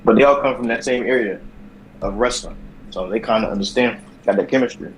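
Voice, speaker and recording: Man, co-host, casual storyteller, lively delivery, faint noise behind. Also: mid-range voice, fairly quick, low-quality recording. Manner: animated storyteller, slips into mimicking voices. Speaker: podcast co-host. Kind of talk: casual chat, recapping wrestling with impressions.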